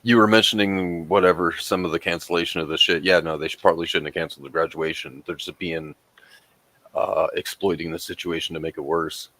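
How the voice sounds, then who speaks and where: A man in casual chat who talks haltingly, restarting his thoughts. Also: deep voice, fairly even intonation, bright, forceful tone.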